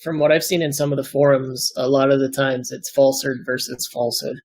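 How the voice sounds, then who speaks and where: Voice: medium pitch, flat delivery, fairly quick, a little mellow, breathy edge, dry recording. Player rambling w lots of likes, mid voice, dry sound. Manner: rambling with many fillers. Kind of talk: casual tabletop game chat.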